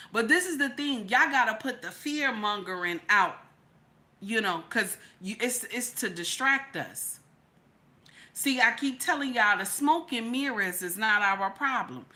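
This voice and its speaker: A woman with a high, bright, cutting voice delivers a loose, heated livestream rant. She fires off repeated rhetorical questions, swears freely and breaks off to greet viewers in the chat. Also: unhurried. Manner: animated, profane, rhetorical, repeats questions for emphasis; addresses chat viewers directly. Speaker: livestream commentator. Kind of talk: casual ranting livestream commentary.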